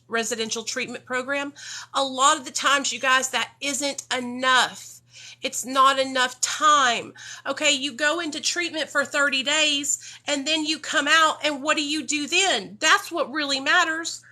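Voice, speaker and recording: A woman's voice: high voice, normal speed, bright, forceful tone. A woman, talking emotionally and bluntly to her livestream viewers about recovery, swearing freely and calling them y'all. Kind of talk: emotional unscripted livestream talk.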